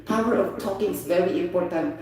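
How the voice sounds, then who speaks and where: A Filipino man with a Filipino accent teaching an English vocabulary lesson, animated and often asking "you get the point?". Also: high-pitched, fast. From Philippines. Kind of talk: informal online vocabulary lesson. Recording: very echoey room, voice distant from the mic.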